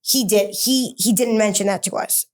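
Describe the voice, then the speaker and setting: A woman speaking at an ordinary middle pitch tells her own story as an interview guest. She stumbles through fillers and restarts, then hurries into quick bursts of words. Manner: halting, many fillers and restarts. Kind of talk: personal story told in an interview.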